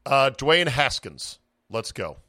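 A man in mid-range pitch rants about sports in loose, profane podcast chat. He is opinionated and slips into voicing players mid-sentence. The sound is dry and close. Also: very animated, takes it slowly, pushed and bright, dry recording. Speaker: podcast host.

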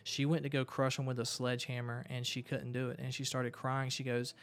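A man's voice: mid-range voice, completely flat delivery, a little fast, few pauses, clean tone. A man earnestly retelling a story in casual talk, with frequent restarts.

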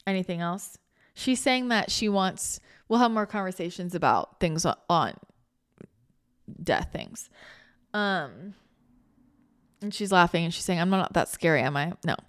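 A woman hosting a spiritual podcast, chatting casually in a rambling, animated way, full of restarts, laughter and casual swearing. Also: on the low side, a little slow, long pauses. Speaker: spiritual channeler and podcast host.

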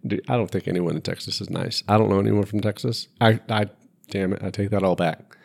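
A man co-hosting a podcast in casual chat, talking in an animated, joking way with some swearing. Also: on the low side, fairly quick, creaky. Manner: animated, swearing, laughs often. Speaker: podcast co-host.

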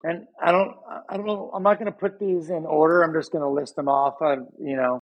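A man's voice: a little high, steady tone, brisk, highs cut off. A young man on a casual podcast who teases his co-host in a wry, dry way. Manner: wry and teasing. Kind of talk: casual chat.

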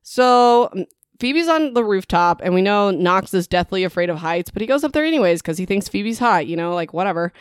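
Chatty sarcastic woman, smooth dry voice. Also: medium pitch, animated, brisk, no room sound. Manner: chatty and sarcastic, peppered with "like" and "whatever"; dramatic teasing asides to the audience. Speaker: book reviewer. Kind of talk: casual chapter-by-chapter book recap.

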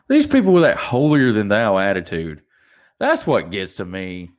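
A man's voice: mid-range voice, huge pitch swings, a little slow. A young adult man hosting a solo podcast, ranting animatedly and mocking people in put-on voices. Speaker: podcast host.

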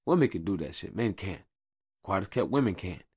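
A man in his thirties hosting a podcast, giving casual advice in a blunt, profane, animated monologue recorded at a home mic. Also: deep voice, brisk, breathy edge, no room sound, clean studio sound. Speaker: podcast host.

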